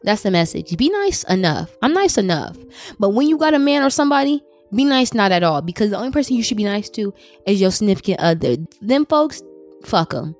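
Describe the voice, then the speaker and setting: A woman hosting a podcast and giving advice in a blunt, profane, casual way. She often jumps up into high squeaky tones. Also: big pitch swings, a little fast, darkish tone, soft background music. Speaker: podcast host.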